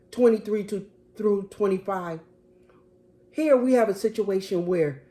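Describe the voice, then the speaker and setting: A woman's voice: medium pitch, warm tone. A woman preacher giving a sermon, emphatic and restating her phrases.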